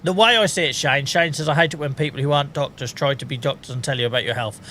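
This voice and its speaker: British man, game streamer, casual rant, laughs at own jokes, forceful tone, desk mic. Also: medium pitch, fast, slight background noise. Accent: British English. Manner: laughs often at his own jokes, ranting. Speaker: gaming streamer. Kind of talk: casual live-stream chat.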